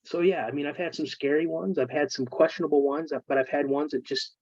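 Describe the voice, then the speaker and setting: A man speaks in a medium voice, earnest and halting as he shares emotional personal stories. The audio is dull and dry, like a remote call. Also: on the high side, fairly even intonation, a little mellow, dry recording. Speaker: guest, military veteran. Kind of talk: casual storytelling interview.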